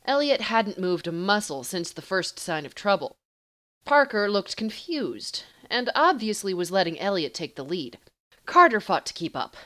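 A woman reading fan fiction aloud as an audiobook narrator with steady, even storytelling. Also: mid-range voice.

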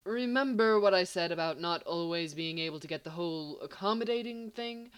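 A woman's voice: on the low side, brisk, clear, resonant tone, natural voice. A woman voicing a brilliant young man who talks sheepishly and evasively.

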